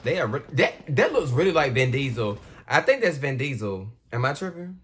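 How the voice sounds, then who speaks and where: A man giving casual, expressive commentary as he reacts out loud to a war movie. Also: mid-range voice, fairly quick, background noise. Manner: expressive, talks back at the screen. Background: war film soundtrack playing.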